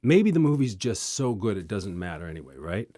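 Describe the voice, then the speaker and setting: Young male reviewer, sarcastic and lively, dry close-miked delivery. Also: fairly low pitch, no room sound. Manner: sarcastic, animated, quick asides. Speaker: movie reviewer host. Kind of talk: casual sarcastic movie review.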